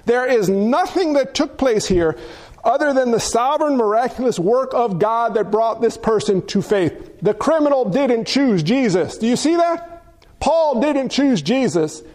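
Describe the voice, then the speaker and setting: Male pastor with a very high voice, preaching emphatically and asking rhetorical questions. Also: lively intonation, unhurried, darkish tone. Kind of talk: sermon.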